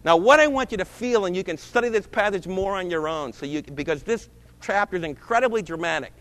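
High-voiced preacher in a reverberant hall. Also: male voice, expressive, fairly quick. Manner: dramatic, swings from loud emphasis to low hushed delivery. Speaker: pastor. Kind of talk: sermon. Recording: long reverb of a large hall.

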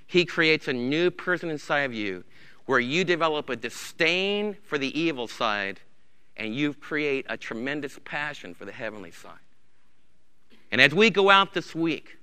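A man's voice: fairly high pitch, pushed and bright, smooth. A man preaching a sermon as pastor, impassioned and repeating key phrases, in a church sanctuary. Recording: reverberant church hall.

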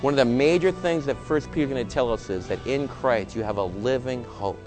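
A man's voice: mid-range voice, brisk, in a large hall, music in the background. A man preaching a sermon, reading scripture and telling a personal story in an earnest way. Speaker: pastor.

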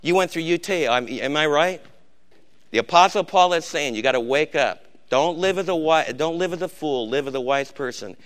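An older man with a gray beard preaching a sermon, urging his congregation and swinging between hushed warnings and shouted exhortation. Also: on the high side, moderate pace. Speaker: pastor.

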